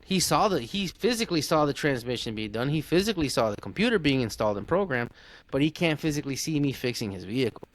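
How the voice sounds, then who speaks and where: A man's voice: fairly high pitch, big pitch swings, fast talker. A man, an automotive diagnostic technician, talking as a guest in a casual podcast conversation, blunt and emphatic, often restarting his sentences. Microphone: podcast microphone.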